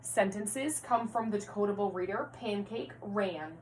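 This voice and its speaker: A woman teaching a first-grade reading lesson to young children at home, speaking clearly and encouragingly and spelling words out letter by letter. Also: medium pitch, unhurried. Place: home, near her rocking chair. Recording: distant mic with faint hum.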